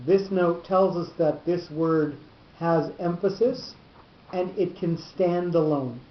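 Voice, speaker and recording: A teacher giving a lesson on cantillation notes, explaining slowly and often repeating words as he goes. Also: mid-range voice, reverberant, muffled recording. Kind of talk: lecture on cantillation.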